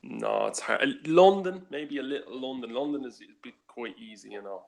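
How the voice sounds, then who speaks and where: A man's voice: medium pitch, fairly quick, gravelly. A man with a working-class Dublin accent, chatting casually on a live stream panel, rambling and restarting his sentences.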